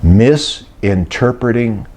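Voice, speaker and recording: A man's voice: medium pitch, animated, slow, a little mellow. An older man preaching and retelling a story, acting out the voices of those he quotes. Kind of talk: sermon-style teaching talk.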